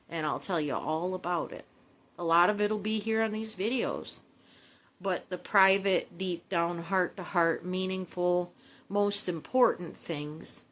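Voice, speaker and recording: A woman's voice: mid-range voice, a bit bright. A middle-aged woman speaking tenderly and pleadingly in a personal video message to her estranged children, quoting scripture at times. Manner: preachy, quotes scripture.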